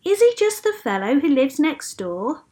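A woman's voice: high voice, sing-song, normal speed, warm tone, voice pushed up. A woman voicing a sly man in the crowd who asks probing questions, in a read-aloud storybook.

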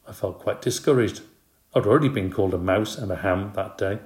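A man with a fairly low voice reads a children's storybook aloud with a lively, expressive delivery. The reading rings in an echoey room. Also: brisk. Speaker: narrator. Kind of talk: storybook narration.

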